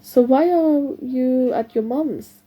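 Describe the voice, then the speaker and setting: A woman's voice: on the high side, normal speed, mellow, husky, low-quality recording. A woman reading as a blunt young father. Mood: questioning. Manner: blunt, questioning.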